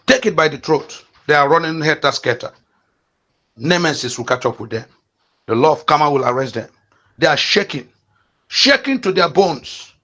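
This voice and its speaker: A man's voice: fairly high pitch, lively intonation, moderate pace, long pauses, pushed and bright. A Nigerian man in his fifties from the east of the country, hosting an impassioned political commentary in fiery, repetitive rallying calls broken by frequent fillers. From eastern Nigeria. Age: 50s. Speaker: channel host.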